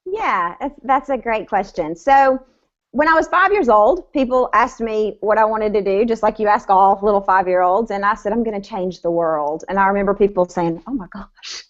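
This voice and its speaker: A woman's voice: mid-range voice, moderate pace, highs cut off. A woman with a Southern American accent, a sales coach telling her story in a video interview. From Southern United States.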